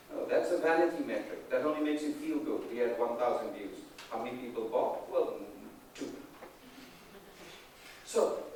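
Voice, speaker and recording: A man giving an energetic, emphatic conference talk as a leadership trainer, often checking in with the audience. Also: fairly high pitch, a little hiss or hum. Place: large conference hall. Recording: distant, echoey hall recording.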